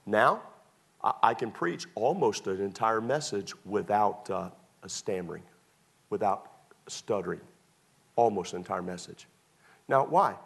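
Gravelly, animated preacher man. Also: lowish voice, unhurried. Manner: animated storytelling, swings from loud to hushed. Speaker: pastor. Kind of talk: sermon with personal stories.

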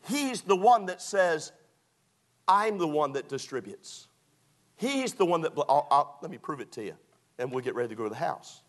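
A man, preaching a sermon that moves between lively scripture reading and folksy storytelling. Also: on the high side, normal speed.

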